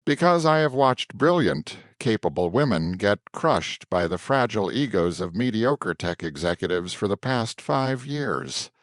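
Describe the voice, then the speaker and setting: A poised, shrewd woman assistant, as a man reading aloud puts her on, speaking in measured, earnest sentences. The voice sits deep but rises and falls a lot. The sound is close and dry, with no room around it. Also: dry recording. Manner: calm, measured, warning in a hushed tone.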